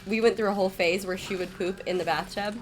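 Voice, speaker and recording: A young woman co-hosting a game stream, chatty and quick to laugh. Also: medium pitch, steady tone, a little hiss or hum, poor audio. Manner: giggly, chatty. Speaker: streamer co-host. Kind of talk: casual chat while gaming.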